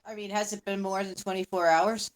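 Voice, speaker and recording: A woman player at a tabletop game, chatting casually and asking quick practical questions. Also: medium pitch, steady tone.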